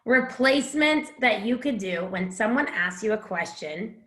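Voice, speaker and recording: A woman instructor talks through her advice in a frank, casual way, as if chatting with her students. Her voice sits a bit high, and the room around her rings with noticeable echo. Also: animated, measured pace, fairly bright tone. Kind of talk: casual teaching chat.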